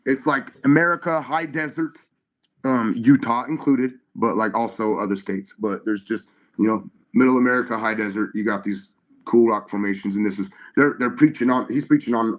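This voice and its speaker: Middle-aged man, mid-pitched and conversational, giving an animated and halting testimony full of restarts. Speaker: guest.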